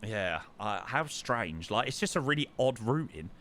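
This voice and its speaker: A man's voice: fairly low pitch, sing-song, normal speed, a bit bright, a little hiss or hum. A young man chatting casually to his live-stream chat while flying a simulator, repeating words for emphasis. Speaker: livestreamer.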